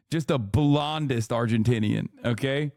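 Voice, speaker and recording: A man on a live stream, riffing through casual reaction commentary in a joking, sarcastic way. He rambles, full of fillers. His voice is mid-pitched and dry and close. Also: a little slow, gravelly, a little mellow, no room sound. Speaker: streamer reacting to a debate clip.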